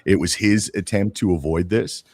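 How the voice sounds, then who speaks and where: Low-voiced man in casual political chat. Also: moderate pace, no room sound. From Canada. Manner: casual, says "man" often, animated retelling. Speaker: podcast co-host.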